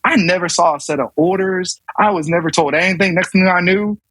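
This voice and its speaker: A man's voice: sits high, brisk, a bit bright, breathy edge, no room sound, rough recording. A man in his thirties, a navy command master chief and podcast guest, telling a story casually with many restarts and acted-out quotes. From US South.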